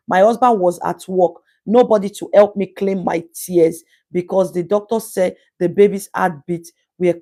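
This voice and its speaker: A woman's voice: on the low side, mellow. A woman with a Nigerian English accent hosting a live stream and reading viewer comments. She talks in an emphatic, preachy way and repeats words for stress. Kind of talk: casual live-stream talk.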